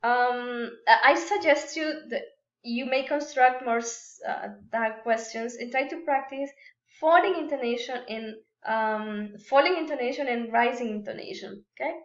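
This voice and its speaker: A woman whose first language is Spanish teaches grammar in a recorded remote lesson, unhurried and careful, with many fillers and restarts. Her voice sits a little high. The room echoes and the sound is a bit muffled. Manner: slow and deliberate, many fillers and restarts, models example sentences.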